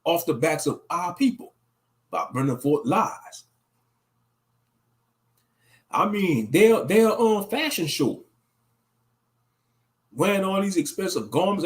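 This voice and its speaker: A man with a somewhat high voice preaches through his commentary. He scolds and mocks, leaning hard into each point. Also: animated, unhurried, long pauses. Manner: impassioned, scolding and mocking. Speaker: online commentator.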